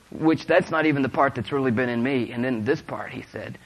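A man preaching a sermon to a congregation, moving between hushed storytelling and loud, fervent exhortation. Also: mid-range voice, brisk, few pauses, poor audio.

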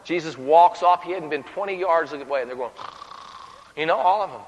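A man's voice: on the high side, brisk, in a large hall, highs cut off, slight background noise. A man preaching a sermon with humor, telling stories and acting out the people in them. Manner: animated, humorous storytelling with acted voices.

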